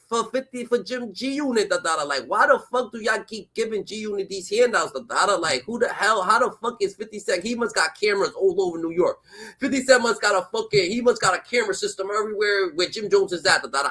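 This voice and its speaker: A man's voice: high-pitched, pushed and bright, low-quality recording. A man giving casual, profane reaction commentary, filling his phrases with "da, da, da" and firing off incredulous rhetorical questions. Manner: profane, rambling, fills every phrase with "da, da, da".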